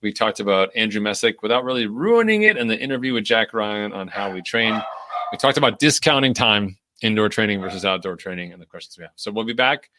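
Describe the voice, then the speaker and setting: A man's voice: on the low side, quick pace. A man co-hosting a podcast in casual chat, telling stories with a laugh and acting out his own inner voice. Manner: animated storytelling, acts out his own inner voice; laughs often, lots of filler words. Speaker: podcast co-host.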